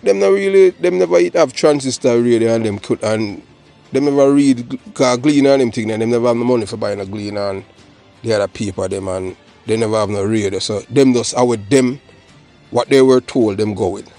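A man's voice: medium pitch, brisk, vocal fry, mellow, faint music behind. A Jamaican man hosting his own channel, delivering a rambling, emphatic solo commentary that mixes patois with English. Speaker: channel host.

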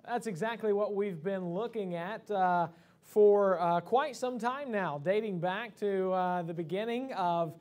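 High-voiced preacher giving a sermon. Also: male voice, a little slow, darkish tone. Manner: conversational preaching with many fillers and restarts. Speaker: pastor. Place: church sanctuary.

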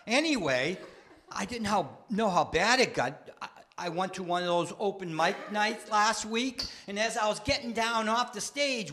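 An older man performing stand-up comedy in a wry, deadpan, self-mocking storytelling manner. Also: sits high, moderate pace, noisy background. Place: studio stage with live audience.

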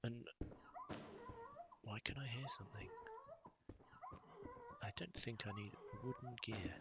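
A man giving relaxed commentary while playing a survival game, wondering aloud and breaking into excited outbursts. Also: medium pitch, slow, gravelly, very noisy. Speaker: gaming YouTuber. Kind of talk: Minecraft let's play commentary.

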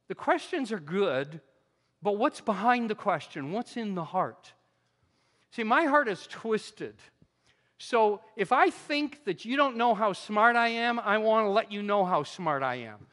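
A man preaching a sermon in a church, animated and conversational, his voice swinging from loud emphasis to quiet asides. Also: high-pitched, unhurried. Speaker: pastor. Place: church sanctuary. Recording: long hall reverb.

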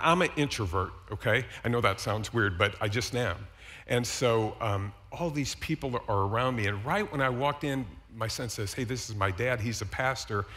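A man preaching a sermon as a pastor, telling a personal story in a conversational, animated way with asides to the congregation. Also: lowish voice. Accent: Midwestern American. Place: church sanctuary.

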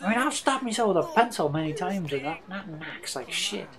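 A man's voice: high-pitched, expressive, fairly quick, a bit bright. A man co-commentating a video game casually, teasing his partner and reading out text from the screen. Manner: teasing, reads out on-screen text, jokes along. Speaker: let's play co-host.

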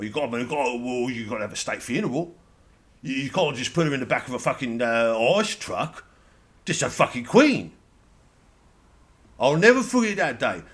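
A man's voice: mid-range voice, a bit bright, slightly rough. A man playing a sweary Irishman on television, ranting and rambling with an Irish accent. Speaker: comedian. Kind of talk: satirical character monologue.

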